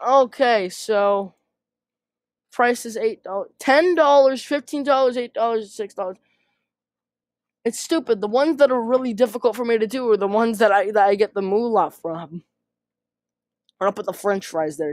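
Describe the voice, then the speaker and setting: A woman's voice: on the high side, normal speed, dry recording. Rambling self-deprecating woman gamer. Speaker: gaming YouTuber. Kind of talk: casual gameplay commentary.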